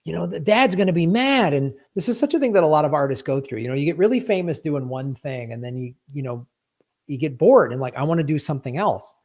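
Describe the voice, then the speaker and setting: A man's voice: medium pitch, expressive, quick pace, a little mellow. A man hosting a live stream in casual chat, playful, breaking into sound effects and silly rhymes. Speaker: livestream host.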